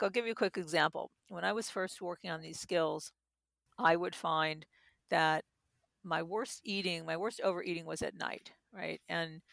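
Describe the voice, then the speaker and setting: Creaky-voiced woman explaining gently. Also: deep voice, dry recording, clean studio sound. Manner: gentle, explains with personal examples. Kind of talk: reflective interview talk.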